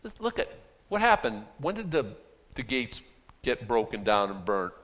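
Boston-accented pastor in a reverberant hall. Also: male voice, mid-range voice, sing-song, normal speed, fairly bright tone. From Boston, USA. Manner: informal, chatty, with self-deprecating asides. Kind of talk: conversational sermon.

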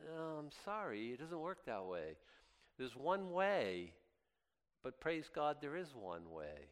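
A man preaching a sermon as pastor, impassioned and swinging from loud highs to quiet asides, often stammering and restarting. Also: big pitch swings, slow pace, smooth. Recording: long hall reverb.

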